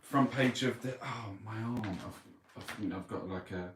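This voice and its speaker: A man's voice: lowish voice, unhurried, fairly bright tone, slight background noise. A man hosting a casual newspaper review, blunt, mocking and full of swearing. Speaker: online show host. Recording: roomy, from a distance.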